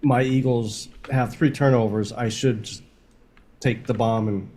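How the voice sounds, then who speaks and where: A man's voice: mid-range voice, fairly even intonation, unhurried, warm tone. Easygoing man laughing through hot wings. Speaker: co-host. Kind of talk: casual sports podcast chat.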